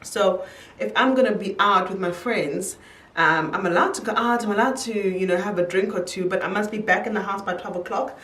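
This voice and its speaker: A woman's voice: medium pitch, fairly quick, fairly bright tone, recorded from a distance. A young woman chatting casually to camera while doing her makeup, telling a story and laughing easily. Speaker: beauty vlogger. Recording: echoey room, voice from off-mic.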